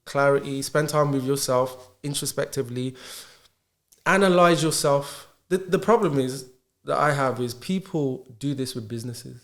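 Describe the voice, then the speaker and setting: A man's voice: mid-range voice, moderate pace. Earnest man in a roomy podcast. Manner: earnest, asks himself rhetorical questions. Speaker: podcast guest. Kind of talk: casual podcast chat. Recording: roomy echo.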